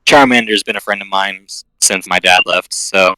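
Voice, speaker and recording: Dude voicing an earnest young trainer guy, lowish voice, dry close sound. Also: sharp tone, smooth, dry recording, low-quality recording. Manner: earnest, talks quickly with fillers. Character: young male trainer, eager and friendly.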